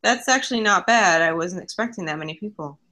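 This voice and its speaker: A woman's voice: lowish voice, lively intonation, fairly quick, a crowd in the background. A woman from Chicago with a nasal Midwestern accent, chatting bluntly and casually as a livestream host. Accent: Midwestern American, Chicago. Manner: blunt, swears freely. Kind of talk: casual chat.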